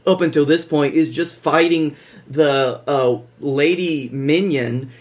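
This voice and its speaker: A man's voice: on the high side, slow. A man co-hosting a podcast, recapping movie scenes sardonically and mimicking the characters' lines. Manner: sardonic, retells scenes with mock quotes. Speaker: podcast co-host. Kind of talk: casual movie review chat.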